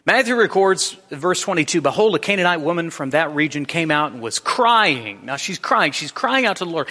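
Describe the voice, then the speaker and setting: A man's voice: high-pitched, big pitch swings, moderate pace, hardly any pauses, sharp tone, long reverb tail. A man preaching a sermon in a conversational way, often restarting his sentences. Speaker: pastor.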